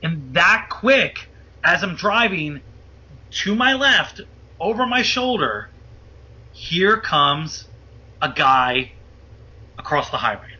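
Man guest, husky voice, high and strained; animated, profane storyteller who acts out quotes. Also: slow pace, long pauses. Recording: muffled lo-fi audio.

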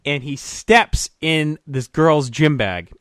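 A man co-hosting a podcast, animated as he tells a story and laughs along with it. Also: fairly high pitch, slow, clear, resonant tone, no room sound, clean studio sound. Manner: animated, laughs through his own story. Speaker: podcast co-host. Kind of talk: casual storytelling chat.

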